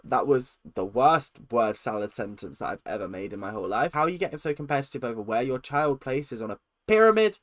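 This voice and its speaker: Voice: medium pitch, animated, fairly quick, few pauses, no echo. British reaction host, blunt, sarcastic, ranting, swears, close dry mic. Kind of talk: casual reaction commentary.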